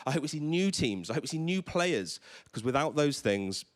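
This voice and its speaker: A man's voice: fairly high pitch, very animated, moderate pace. A man giving an enthusiastic conference talk on stage to a live audience, often stumbling and repeating words. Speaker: conference presenter.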